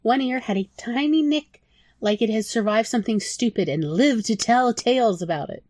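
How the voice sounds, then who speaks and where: A woman narrating her own story in a soft, emotional audiobook style. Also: a little high, moderate pace, no room sound. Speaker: author reading own story.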